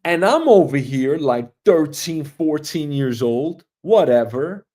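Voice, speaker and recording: A man from Queens, hosting a show and telling a meandering comic story, swinging between loud bursts and quiet asides. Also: fairly high pitch, lively intonation, slow, few pauses. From Queens, New York, US. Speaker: show host. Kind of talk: rambling comic monologue. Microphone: streaming mic.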